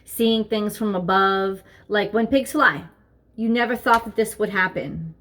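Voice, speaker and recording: A woman's voice: mid-range voice, measured pace, a bit bright. Earnest woman giving a tarot reading. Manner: earnest, repeats herself while thinking aloud. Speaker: tarot reader. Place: home, seated at desk with her dog nearby.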